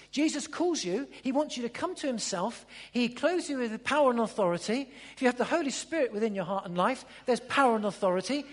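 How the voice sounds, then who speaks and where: A preacher delivering a sermon with a lively voice that swings widely up and down in pitch. The tone is slightly husky, and the preacher hammers home repeated phrases. The voice rings with the long reverb of a church hall. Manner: emphatic, repeats phrases, drops to a hush for emphasis.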